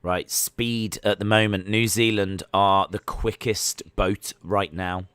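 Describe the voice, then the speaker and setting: A man hosting a live sports watch-along, chatting excitedly with many fillers as he reacts. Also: on the low side, slow, smooth, dry recording. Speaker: livestream host.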